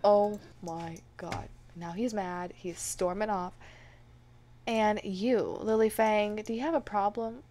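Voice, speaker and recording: A woman hosting a life-sim let's play, commenting excitedly with gasps and laughs. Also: mid-range voice, takes it slowly. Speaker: gaming channel host.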